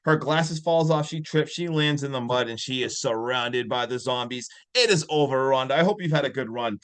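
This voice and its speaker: A man co-hosting a podcast, excitedly retelling a horror movie scene by scene with lots of "like". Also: medium pitch, normal speed. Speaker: podcast co-host. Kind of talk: casual movie review chat.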